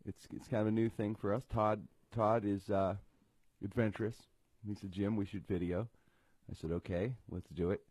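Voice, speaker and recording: A man's voice: lowish voice, steady tone, normal speed, darkish tone, dry recording. A middle-aged man hosting a casual comedy talk show from a home studio, rambling and joking at his own expense with many restarts. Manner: rambling, self-deprecating jokes with frequent restarts. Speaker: radio comedy show host.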